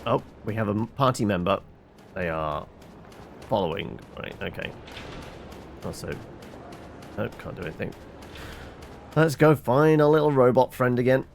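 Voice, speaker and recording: A man's voice: medium pitch, moderate pace, gravelly, long pauses, a little hiss or hum. A man reading a game's dialogue aloud for every character, with fillers and small restarts. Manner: reads all characters, stumbling with fillers. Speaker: game reviewer reading dialogue.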